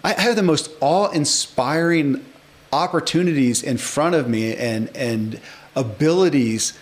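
A man's voice: a little high, measured pace. A man in his forties hosting a podcast interview, talking with enthusiasm and reading passages aloud from a book. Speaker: podcast host. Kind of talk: casual interview chat.

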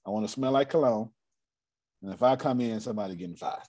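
A man coaching a live audience on business cash flow, animated and repetitive. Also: medium pitch, fast talker, no room sound. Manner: animated, repetitive, drops into playful put-on voices. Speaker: finance coach. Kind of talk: live online business teaching.

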